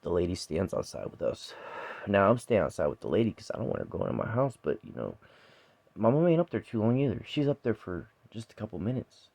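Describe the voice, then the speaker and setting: A man with a very low, mellow voice tells a painful story from his own life straight to the camera. He swears freely and is raw with emotion, loud when he is angry and hushed when he is full of regret. The sound is dry and close. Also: wildly swooping pitch, a little fast, creaky, dry recording. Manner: raw, profane, emotional retelling; quiet and subdued when remorseful.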